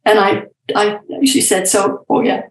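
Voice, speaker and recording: Older woman, gentle reflective storyteller, roomy. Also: medium pitch, flat delivery, a little slow, slight background noise. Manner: candid, gentle, anecdotal. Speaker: guest, palliative care nurse and professor.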